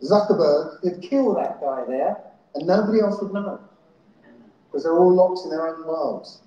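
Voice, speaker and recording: A man's voice: a little high, unhurried, dark tone, muffled recording. A man giving a talk at a festival, often checking in with the crowd with "yeah?" and "right?". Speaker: conference speaker. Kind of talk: live talk to an audience. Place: festival hall. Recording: very echoey hall.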